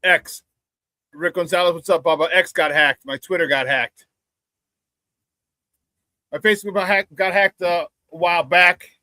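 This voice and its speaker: A man's voice: high voice, normal speed, pauses often, bright, forceful tone, dry recording. A man hosting a live sports talk show, talking loose and casual, fired up and ranting with some swearing. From Chicago area.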